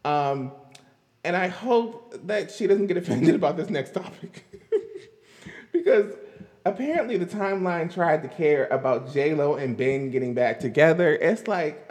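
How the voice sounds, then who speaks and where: Sarcastic and exasperated, a male vlogger offers casual commentary on pop culture, frequently dissolving into laughter. His voice is high-pitched, and the recording sounds like a big room.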